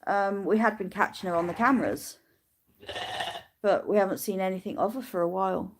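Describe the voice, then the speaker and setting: Talking in a mid-range voice and a little fast, a woman rambles to her livestream viewers from her farm, often starting over. She's a smallholder showing off her animals, filmed by a phone on a tripod, and there's slight background noise.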